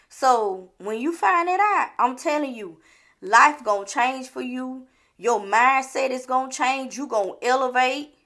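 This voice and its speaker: A woman vlogger giving a repetitive, preachy motivational talk full of rhetorical questions, sometimes dropping to a low, hushed voice.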